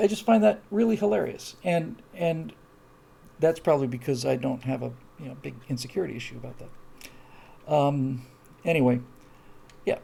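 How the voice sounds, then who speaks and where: A man's voice: on the high side, vocal fry, mellow, husky. A man hosting a live stream, reading out viewer comments in a casual, wry, digressive chat that often breaks off and restarts. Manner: wry, digressive, self-interrupting.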